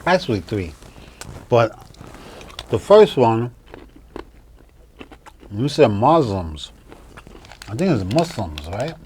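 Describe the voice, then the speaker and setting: A man hosting an interview show, asking persistent questions in a soft, trailing way and laughing often. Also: medium pitch, sing-song, takes it slowly, pauses often, husky. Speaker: show host. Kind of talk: casual interview chat.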